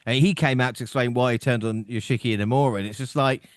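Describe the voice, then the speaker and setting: A man's voice: mid-range voice, fairly even intonation, quick pace, no room sound, studio quality. A man co-hosting a podcast in casual chat, rambling along, laughing often and checking in with his co-host. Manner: rambling, laughs often, keeps asking "do you know what I mean".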